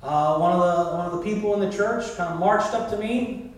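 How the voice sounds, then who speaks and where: A man's voice: high-pitched, brisk. A man preaching a sermon as pastor, talking to the congregation in a conversational way and calling on them to respond. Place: church sanctuary. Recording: very echoey hall, mic far off.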